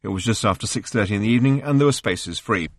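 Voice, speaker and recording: A man reading an audiobook, narrating in an even, wry storytelling manner. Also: lowish voice, quick pace, dry recording, clean studio sound. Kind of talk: scripted narration.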